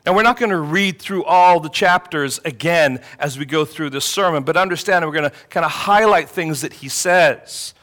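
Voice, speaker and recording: A man's voice: fairly high pitch, normal speed, few pauses, a bit bright. A man preaching a sermon, explaining a scripture text with emphasis when quoting it. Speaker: pastor.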